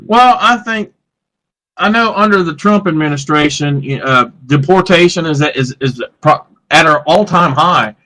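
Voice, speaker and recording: A man with a fairly high voice co-hosts live talk radio. He argues in an earnest, insistent way and lines up his points one after another, with frequent "you know" fillers. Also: a little slow, sharp tone, rough recording. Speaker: radio talk show co-host.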